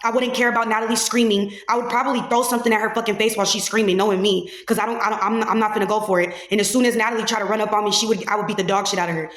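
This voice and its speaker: A woman's voice: medium pitch, fairly even intonation, rapid-fire, hardly any pauses. A woman host, giving blunt, profane, heated reaction commentary in a casual podcast. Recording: echoey room.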